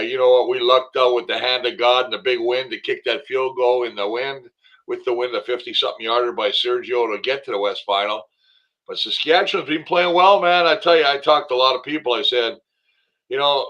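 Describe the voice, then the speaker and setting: Bright, emphatic male football pundit. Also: mid-range voice, low-quality recording. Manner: emphatic, enthusiastic, rambling with fillers. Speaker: guest, former football player and commentator. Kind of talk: casual sports talk.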